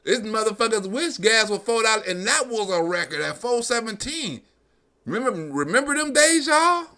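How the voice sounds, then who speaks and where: A man's voice: sits high, animated, moderate pace, bright, forceful tone. A man hosting a livestream, delivering a profane, mocking comedic rant straight to his audience. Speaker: livestream host. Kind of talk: comedic political commentary rant.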